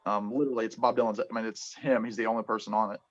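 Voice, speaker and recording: A man hosting a casual music chat, talking in halting bursts full of ums and restarts. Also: lowish voice, steady tone. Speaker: podcast host. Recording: dull lo-fi sound.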